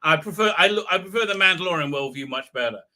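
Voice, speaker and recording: A man with a very bright, ringing voice hosts a live stream and talks through a show, rambling with plenty of filler and mockery. His pitch sits a little high for a man, and he keeps breaking into goofy put-on voices. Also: expressive, fast. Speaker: show host.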